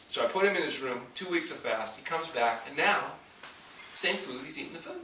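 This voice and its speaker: A man's voice: on the high side, animated, brisk, bright, forceful tone, a little hiss or hum. A man giving a talk on health to an audience, telling stories and acting out the people in them. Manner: storytelling, acts out dialogue. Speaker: doctor giving a talk on fasting. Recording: echoey room, mic at a distance.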